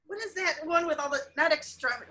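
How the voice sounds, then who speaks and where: A woman's voice: high-pitched, fairly quick, pushed and bright. A woman co-hosting a casual interview, asking eager questions and laughing often. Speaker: co-host. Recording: crowd chatter behind.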